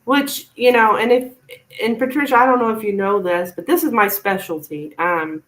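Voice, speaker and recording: A woman's voice: a little high, moderate pace, a bit bright, low-quality recording. A woman tarot reader giving a chatty, reassuring live-stream reading to a viewer.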